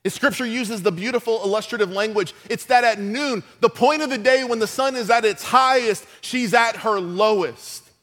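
A man with a noticeably high voice delivers a sermon. He retells scripture casually, dropping in everyday asides and filler words as he goes. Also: normal speed, few pauses, fairly bright tone. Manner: casual storytelling with modern asides. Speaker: pastor.

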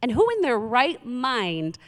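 A woman's voice: fairly high pitch, slow. Chatty woman preaching in a reverberant hall. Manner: conversational, animated, many rhetorical questions. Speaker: pastor. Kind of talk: sermon.

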